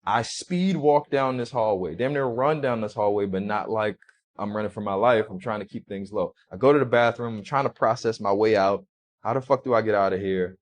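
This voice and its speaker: Hesitant man telling his story. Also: on the low side. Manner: halting, hesitant storytelling with restarts. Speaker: interview guest. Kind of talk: recounting a personal story in an interview.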